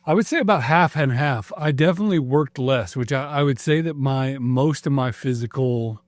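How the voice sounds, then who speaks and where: A man with a medium-pitched voice chats as a podcast guest, trading dry jokes and thinking things over aloud. His voice sounds close and dry, with no room echo. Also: moderate pace. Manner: friendly, dry-humored, reflective. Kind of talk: casual chat.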